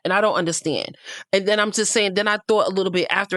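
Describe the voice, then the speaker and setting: A woman's voice: mid-range voice, steady tone, fast talker, fairly bright tone, no room sound, clean studio sound. A woman hosting a casual reality TV recap, chatty and gossipy, with frank asides.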